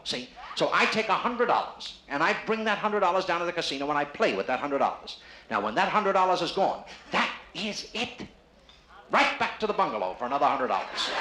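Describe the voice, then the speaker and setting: A man with a slightly high, sharp-toned voice does crowd work in his live stand-up, firing wisecracks at a man in the audience. It was recorded on 1960s vinyl at a casino showroom, sounding roomy and noisy, with audience laughter.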